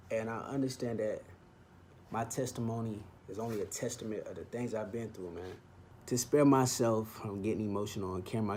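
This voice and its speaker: Young male vlogger, lowish voice, earnest heartfelt testimony to camera, faint ambience behind. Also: darkish tone, slight background noise. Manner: earnest, heartfelt, fond of "man". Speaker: vlog host.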